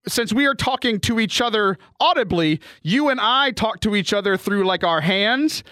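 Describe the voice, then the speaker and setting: A podcast co-host with bronchitis joins by remote call mic, chatting casually, laughing a lot and running himself down. His voice is high-pitched and sharp with lively intonation and a moderate pace, with no echo.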